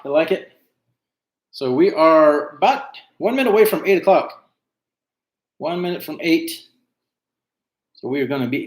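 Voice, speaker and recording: Chatty trivia host in an echoey room. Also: male voice, on the high side. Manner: chatty, reads out team names, frequent "uh" fillers. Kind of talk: casual livestream chat.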